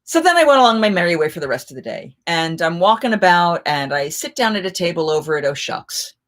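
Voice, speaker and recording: A middle-aged woman, a festival performer, hosting a live chat and telling lively anecdotes in a casual way, often getting suddenly louder. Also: on the low side, fairly quick. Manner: animated, with sudden jumps in loudness.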